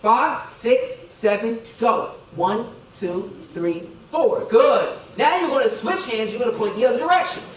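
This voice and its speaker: A middle-aged man giving a motivational keynote in an event hall, energetic, calling for crowd responses and counting out dance moves. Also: extremely high pitch, unhurried, hardly any pauses, slight background noise. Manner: energetic, leads crowd through dance counts, keeps asking "okay?". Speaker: keynote speaker. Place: event hall with tables and chairs. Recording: echoey hall, voice from a distance.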